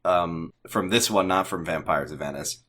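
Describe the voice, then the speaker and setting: A man's voice: sits low, moderate pace, sharp tone, slight background noise. A man co-hosting a podcast, wryly chatting about a TV episode and joking along the way. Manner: wry, jokey, playfully acts out quotes. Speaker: podcast co-host. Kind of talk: casual chat recapping an episode.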